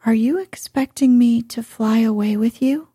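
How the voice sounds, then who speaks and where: A woman voicing a gentle, wistful grown woman, in a soft, hushed bedtime-story reading. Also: a little high, fairly even intonation, normal speed, slightly rough, dry recording, studio quality.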